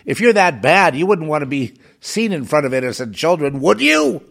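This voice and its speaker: A man delivering a heated, rambling monologue as a self-styled prophetic broadcaster, swinging between loud outbursts and muttered asides. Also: a little high, very animated, moderate pace, creaky. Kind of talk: agitated monologue.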